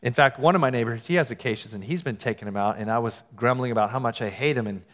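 A man's voice: medium pitch, fast, dull audio. Male pastor preaching in a reverberant hall. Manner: animated storyteller, acts out quoted lines. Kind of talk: storytelling sermon.

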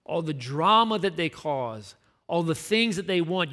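A man's voice: on the high side, animated, unhurried, pushed and bright. A man, a pastor, preaching a sermon in a conversational storytelling way, repeating words for emphasis.

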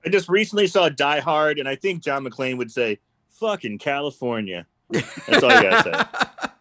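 Guy cracking jokes about a movie, kinda high voice that bounces around, dry close sound. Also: very animated, moderate pace, pushed and bright, no echo. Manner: joking, laid-back, laughs easily. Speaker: podcast co-host. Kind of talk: casual movie chat.

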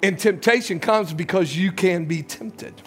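A man in his sixties, a pastor, preaching a sermon and telling a personal story with big swings between loud urgency and hushed lows. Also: measured pace, soft background music.

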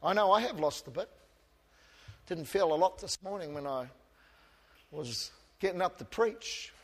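A man with a high voice preaches a passionate sermon in a church. His voice swings from quiet, almost murmured asides to loud calls, with a light self-mocking humour. A long reverb trails every phrase. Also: animated, a little slow. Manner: self-deprecating humour with the congregation. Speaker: pastor.

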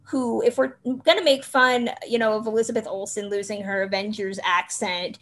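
A woman's voice: medium pitch, steady tone, moderate pace, a bit bright. A woman co-hosting a casual film podcast, chatty and rambling with lots of fillers. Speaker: podcast co-host.

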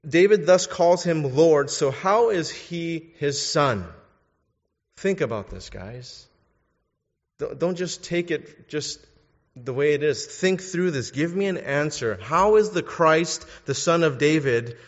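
A man preaching a sermon, asking his listeners pointed questions and urging them to think. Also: a little high. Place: church. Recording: dull sound in a reverberant hall.

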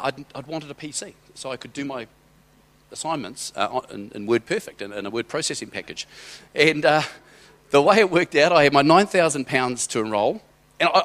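Middle-aged guy telling a story in a sermon, easygoing and rambly, lots of restarts, medium pitch. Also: a bit bright. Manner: conversational, rambling, hesitant restarts. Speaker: church speaker. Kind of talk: sermon told as a personal story.

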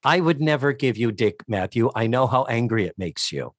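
In a dry, studio-quality recording, a man co-hosting a podcast talks at a normal pace in a mid-range voice. He casually recaps a sitcom episode, lively as he does put-on voices for the characters' lines.

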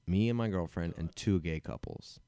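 A man's voice: low voice, moderate pace, gravelly, dry recording. A man, a stand-up comedian, telling a story in casual podcast chat and acting out the people in it. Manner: animated storytelling, acts out quotes.

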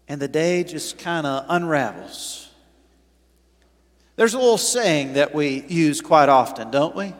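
A pastor with a high, bright voice preaches in a chatty way, throwing questions out to the congregation. He drops to quiet asides, then rises to loud, emphatic points. His voice rings through a large church hall with a long echo. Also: animated, measured pace. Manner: conversational, asks the congregation questions. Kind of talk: sermon. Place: church sanctuary.

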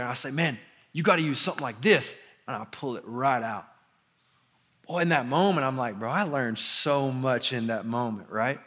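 A young man from the preaching a conversational sermon as pastor, rising in pitch and volume when he drives a point home. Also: a bit bright. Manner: conversational preaching with sudden emphatic rises.

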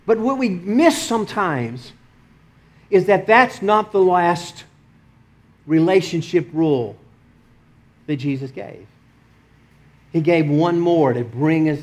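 A middle-aged pastor with a Texas accent, preaching a sermon in an animated way, swinging between loud emphasis and soft asides and chuckling often. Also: male voice, on the high side. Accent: Texan.

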